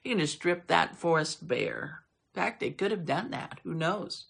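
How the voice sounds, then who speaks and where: A woman's voice: medium pitch, moderate pace, creaky, pushed and bright. A woman preaching a fervent sermon in church, reading scripture aloud with swelling emphasis.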